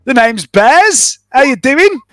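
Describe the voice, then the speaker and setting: A man's voice: very high-pitched, very animated, takes it slowly, a bit bright, no room sound, studio quality, voice pushed up, exaggerated voice. A man voicing a scruffy middle-aged male market trader who is eager and friendly. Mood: chummy.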